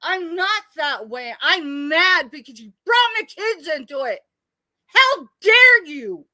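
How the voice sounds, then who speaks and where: High-pitched angry woman. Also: expressive, a little slow, pushed and bright, dry recording. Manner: angry, tearful, confrontational. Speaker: live-stream seller. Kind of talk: emotional late-night live stream rant.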